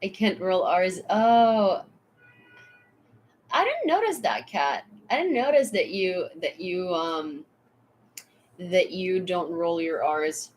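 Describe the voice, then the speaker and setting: Young woman, husky voice, lowish pitch, casual live stream chat with lots of fillers. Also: lively intonation, slow pace, pauses often. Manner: chatty, laughing, many fillers, reads and answers chat.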